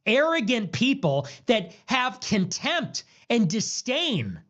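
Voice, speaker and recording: A man's voice: very high voice, big pitch swings, slow pace, fairly bright tone. A man delivering an angry, profane, preachy rant on a livestream. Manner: furious, profane, preachy tirade. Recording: dull lo-fi clip audio.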